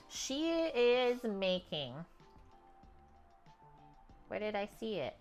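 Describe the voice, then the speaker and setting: A woman's voice: mid-range voice, big pitch swings, drawn-out words, pauses often, faint music behind. A woman from Canada hosting a cooking livestream from her home kitchen, talking in a loose, chatty way with lots of filler words. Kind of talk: casual stream chat.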